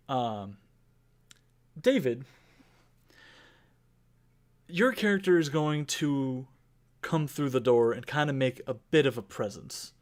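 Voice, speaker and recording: A man narrating a tabletop game as game master, in loose, rambling speech. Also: mid-range voice.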